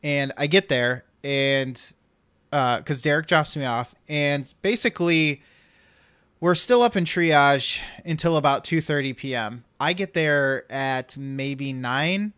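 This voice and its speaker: A man's voice: fairly high pitch, takes it slowly, fairly bright tone, clean tone, no room sound, studio quality. A man hosting a podcast, telling a long rambling anecdote in casual chat and acting out what people said. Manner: rambling storyteller, acts out quotes. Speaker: podcast host.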